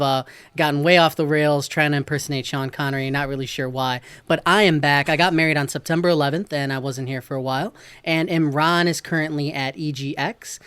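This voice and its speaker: Smooth-voiced male podcast host. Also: a little high, a bit bright, no room sound. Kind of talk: casual podcast chat.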